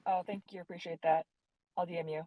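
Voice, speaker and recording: A woman speaking up in a casual audio chat, excitable and rambling, apologizing for her flood of ideas. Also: fairly low pitch, fast, muffled recording, a crowd in the background. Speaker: guest speaker.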